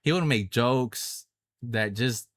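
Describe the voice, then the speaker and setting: A young man vlogs about a coworker in an angry, heavily profane rant, saying things over and over. He takes it slowly, his mid-range voice a bit bright, in a dry recording.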